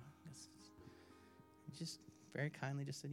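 Animated male pastor preaching over soft guitar. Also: mid-range voice, moderate pace. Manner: animated storytelling with sudden loud bursts. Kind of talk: sermon.

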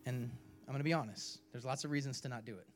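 A man preaching a sermon, telling a personal story in an animated way, with sudden loud bursts and quiet drops. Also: medium pitch, fast talker, soft background music. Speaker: pastor.

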